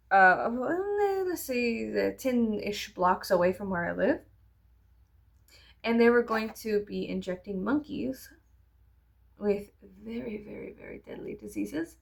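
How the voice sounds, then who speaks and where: A woman's voice: mid-range voice, gravelly. A woman in her thirties telling a rambling, profane, sarcastic story-time vlog while doing her makeup. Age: 30s. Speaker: vlogger.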